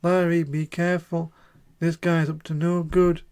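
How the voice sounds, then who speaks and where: A man streaming a video game live, reading its text aloud and thinking out loud in a halting way. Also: fairly high pitch, little pitch movement, clear, resonant tone.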